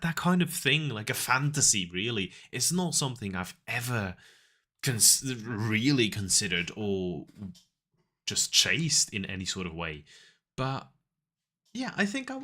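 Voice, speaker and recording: A man's voice: mid-range voice, pushed and bright. A man streaming and chatting casually with viewers, rambling through stories and laughing often.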